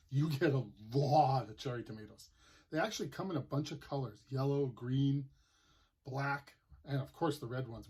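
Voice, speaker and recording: A man from Manitoba, Canada hosts a gardening channel, explaining things in a casual vlog with a chatty, plainspoken style and stories along the way. His voice is mid-range, darkish, and slightly rough.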